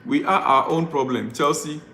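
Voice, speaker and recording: Male fan vlogger, high-pitched, ranting live and pleading over and over, recorded in an echoey room. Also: moderate pace, bright, forceful tone, slight background noise. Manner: exasperated, repetitive pleading. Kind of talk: live-stream rant.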